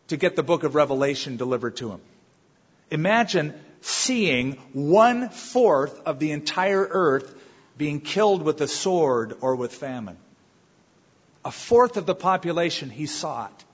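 A pastor preaching a sermon with dramatic swings, dropping suddenly to a hush, on a dull lo-fi recording. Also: male voice, fairly high pitch, slightly rough. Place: church sanctuary. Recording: dull lo-fi recording in a reverberant hall.

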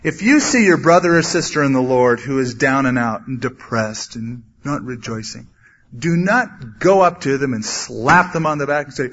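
A man preaching a sermon, earnestly teaching from the Bible and acting out quotes with sudden loud bursts. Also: medium pitch, expressive, normal speed, slightly rough. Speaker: pastor. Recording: dull lo-fi sermon recording.

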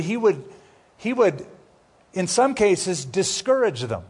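A man teaching a Bible sermon as pastor, conversational with jokey asides, slowing down to spell out names. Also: high-pitched, very animated, a little mellow, breathy edge.

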